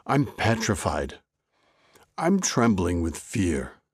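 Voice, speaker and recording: A man's voice: sits low, huge pitch swings, slow pace, breathy edge, dry recording, clean studio sound, exaggerated voice. A man voicing an anxious, fretful male village baker in a told story, piling up worried complaints. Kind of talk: storybook character voice.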